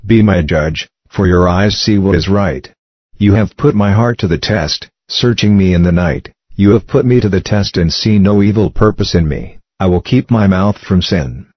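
A man with a very deep, low voice reads scripture in a measured, steady way. The sound is dry, with no room around it, and the recording is dull and lo-fi. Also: no echo. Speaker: scripture reader. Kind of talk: scripted reading of psalms.

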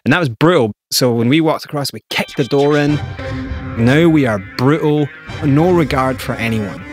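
A man from Scotland with a Scottish accent, telling a lively story as an interview guest and acting out the quotes. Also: medium pitch, moderate pace, over music. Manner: animated storyteller, acts out quotes.

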